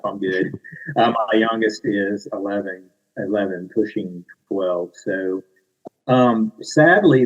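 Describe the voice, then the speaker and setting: A man's voice: fairly low pitch, muffled recording. A middle-aged man with a Southern US accent, a children's book author answering interview questions in a modest, self-deprecating way.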